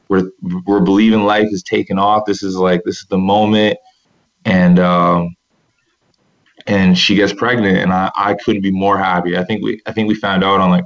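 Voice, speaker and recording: Deep, creaky-voiced man telling a story. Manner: earnest, rambling with many restarts. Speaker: former overseas pro basketball player. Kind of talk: personal storytelling, casual. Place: seated at a table indoors. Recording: dull, muffled recording.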